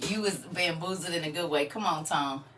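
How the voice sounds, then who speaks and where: A woman's voice: fairly low pitch, a bit bright, distant mic, a little hiss or hum. A woman hosting a live stream, talking casually and half-preachy to her viewers and laughing often.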